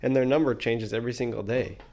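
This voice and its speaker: A man's voice: mid-range voice, steady tone, quick pace, darkish tone. Sarcastic ranting man. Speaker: streamer reacting to a clip. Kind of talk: sarcastic rant commentary.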